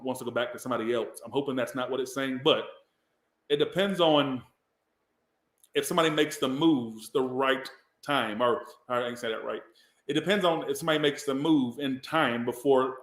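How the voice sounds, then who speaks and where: A man's voice: mid-range voice, a little fast, echoey room. A man from the Southern US, giving a casual, rambling tarot reading and swearing now and then. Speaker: tarot reader.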